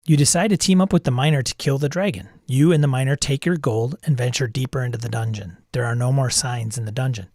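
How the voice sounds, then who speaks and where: Gravelly guy hosting, slow wry asides, dry close sound. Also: medium pitch, darkish tone, dry recording. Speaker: host. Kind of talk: casual game narration.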